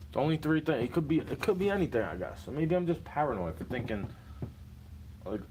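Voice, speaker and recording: Sitting in a car, a young man launches into an agitated, profane, rapid-fire rant that rambles casually. His voice is on the high side and sing-song with a darkish tone, and there's a little hiss or hum in the recording.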